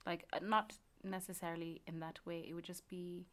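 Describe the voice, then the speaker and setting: A woman co-hosting a podcast, giving thoughtful advice in a casual chat with many soft agreements. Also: fairly low pitch, fairly even intonation, fairly quick. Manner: reflective advice-giving, frequent mm-hmm backchannels. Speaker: podcast co-host.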